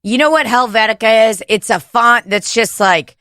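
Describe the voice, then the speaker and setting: A woman's voice: on the high side, moderate pace, a bit bright, no echo, clean studio sound. A woman co-hosting a comedy podcast, rambling crudely and laughing often. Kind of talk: casual comedic chat. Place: home room podcast setup.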